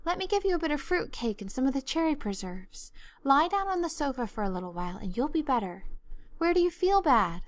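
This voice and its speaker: A high, lively young girl, breathless and melodramatic, all tears and earnest pleading, as a woman reads her. The voice swoops up into wails and spills words out in a rush. It sits dry and close. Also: brisk, no echo. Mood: anxious pleading. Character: excitable, dramatic young orphan girl.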